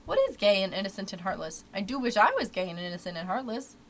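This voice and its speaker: A woman's voice: mid-range voice, animated, fast talker, a little hiss or hum, lightly acted. A woman reading aloud, voicing a curious, artful little girl in a storybook with eager questions.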